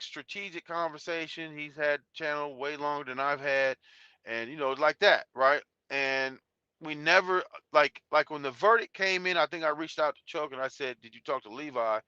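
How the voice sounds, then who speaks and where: A man's voice: fairly high pitch, pushed and bright, smooth, no room sound. Blunt profane man on a live stream. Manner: blunt, profane, rambling with restarts. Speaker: YouTube channel host. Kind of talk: live stream talk reading chat. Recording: dull lo-fi sound.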